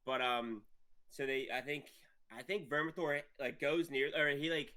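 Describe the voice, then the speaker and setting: A man's voice: mid-range voice, steady tone, moderate pace, pushed and bright. A man co-hosting a podcast in casual chat, recapping scenes step by step and acting out lines. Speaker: podcast co-host.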